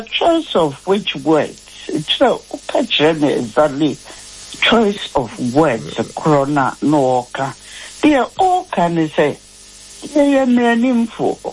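A woman, a lawyer speaking as a guest in a radio interview, measured and emphatic as if lecturing. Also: on the low side, big pitch swings, a little mellow, a little hiss or hum, poor audio.

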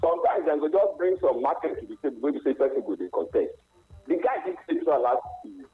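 A man's voice: medium pitch, very animated, quick pace, soft background music. A man with a Nigerian Pidgin accent calling into a sports radio show, questioning and argumentative, over a phone line. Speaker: caller.

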